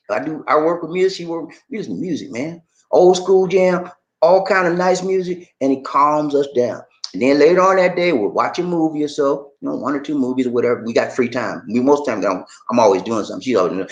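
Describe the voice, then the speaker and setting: A man hosting a casual livestream, answering viewers' comments in an animated, preachy way and often tagging his sentences with "man" and "y'all". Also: a little high, dull audio. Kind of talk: casual live chat with viewers.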